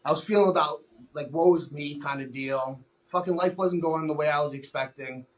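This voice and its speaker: A man's voice: a little high, normal speed. Blunt, profane man telling his story. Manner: blunt and profane, with many restarts. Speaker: podcast guest. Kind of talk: candid storytelling in conversation.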